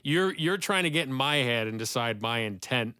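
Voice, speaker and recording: A male podcast host chatting casually, with a bright, forward tone and a smooth, crisp voice. He rambles enthusiastically through his thoughts and laughs easily. The sound is close and dry, with no room echo. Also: mid-range voice, lively intonation, moderate pace.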